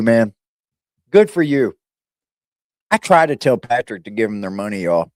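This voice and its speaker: A man's voice: medium pitch, big pitch swings, unhurried, dry recording, clean studio sound. A middle-aged man hosting a casual, profane livestream, brash and mocking, laughing often. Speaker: livestream host reacting to videos.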